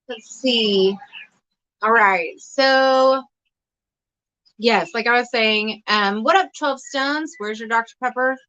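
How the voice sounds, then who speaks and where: A woman's voice: fairly high pitch, takes it slowly, sharp tone, lo-fi sound. A woman with an Oklahoma accent hosting a casual livestream, greeting viewers in the chat by name. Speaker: host.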